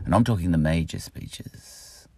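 A man's voice: low-pitched, lively intonation, a little slow, warm tone, breathy edge, no room sound. A man with an Australian accent, rambling through a solo podcast monologue, full of fillers and asides. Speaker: podcast host.

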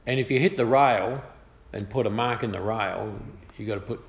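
In an echoey room with faint ambience, a middle-aged man with an Australian accent tells his personal story in a chatty, good-humoured way, giving quotes a lively voice. He speaks at a moderate pace in a lowish voice with vocal fry.

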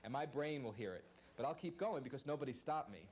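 A man from Long Island who talks at astonishing speed, chatting in an interview about his fast-talking. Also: mid-range voice, animated, darkish tone. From Long Island, New York. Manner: extremely rapid speech. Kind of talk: casual interview and rapid-fire ad reads.

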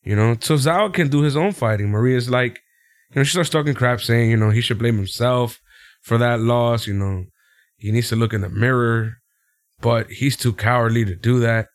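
In dry, clean studio sound with no room noise, a man talks at an ordinary pace while recapping a wrestling show for his podcast. He laughs a lot, stays animated, and performs quotes in high-pitched voices.

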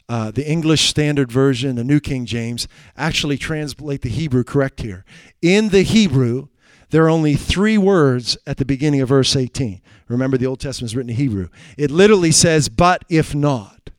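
A man preaching a sermon, swinging between loud, urgent exhortation and quiet asides, drawing out quoted scripture slowly for emphasis. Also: mid-range voice, no room sound.

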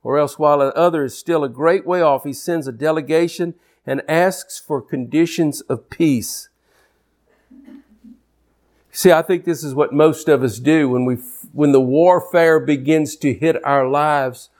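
A man preaching a sermon, his voice sitting a little high for a man. He delivers emphatic declarations, then drops into low, intense asides to drive a point home. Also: measured pace, a little mellow.

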